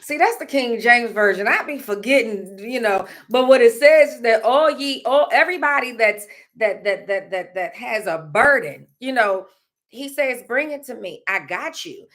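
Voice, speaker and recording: A woman's voice: a little high, normal speed, fairly bright tone. Candid woman talking to her vlog. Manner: candid, rambling, with laughs and many fillers. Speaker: vlogger. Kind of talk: casual heartfelt vlog talk.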